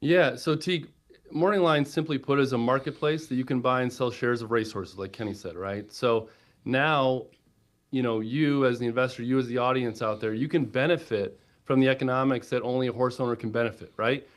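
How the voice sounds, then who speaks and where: A man guest on a podcast, an energetic storyteller who keeps checking in with "right?". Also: mid-range voice, brisk. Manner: energetic storyteller, quotes himself and wife, lots of "right?". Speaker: guest, platform co-founder. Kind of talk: podcast interview.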